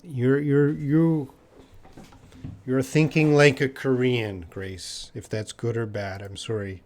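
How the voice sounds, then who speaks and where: Slow-talking Canadian man teaching English. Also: medium pitch, steady tone, darkish tone. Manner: slow, repeats words for learners, answers chat questions. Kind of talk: live online English lesson. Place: living in Korea.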